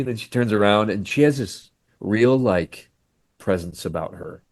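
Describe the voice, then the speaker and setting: A man's voice: on the low side, unhurried, dry recording. A man, an actor, telling behind-the-scenes stories in a casual podcast interview and acting out the dialogue as he goes. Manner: animated storyteller who acts out quoted dialogue. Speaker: actor guest.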